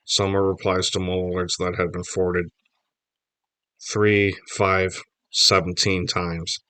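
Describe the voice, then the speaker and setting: A man reading a children's novel aloud, telling the story lively in first person. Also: sits low, a little slow, clear, resonant tone, no echo. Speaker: audiobook reader.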